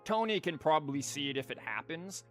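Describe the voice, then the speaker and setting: A man's voice: fairly high pitch, sing-song, brisk, a bit bright. A man in his thirties streaming a game, chatting casually in a rambling, jokey way with lots of fillers. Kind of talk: casual live-stream chat while gaming. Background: game music.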